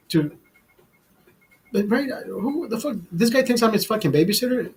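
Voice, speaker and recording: A man with a husky, fairly high voice, telling a story straight to his camera. He rants in a heated, profane way, stumbles and repeats words as he builds up his case. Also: lively intonation, moderate pace, pauses often, rough recording. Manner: agitated, profane, repeats himself. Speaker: vlog host. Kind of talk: casual storytelling rant.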